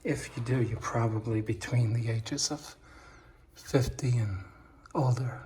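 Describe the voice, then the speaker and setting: A middle-aged man installing wallpaper, chatting casually and dropping into hushed asides as he works. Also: mid-range voice, steady tone, unhurried, slight background noise. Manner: chatty, drifts into hushed asides while working. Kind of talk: casual how-to chat while working. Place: room being wallpapered.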